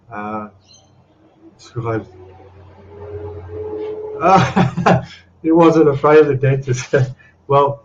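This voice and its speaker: Older Aussie male stream host, chatty and rambling, mid pitch, slightly dull audio. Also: darkish tone, slight background noise. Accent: Australian. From Australia. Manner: rambling, chatty, laughs often, reads out chat. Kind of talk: casual live stream chat.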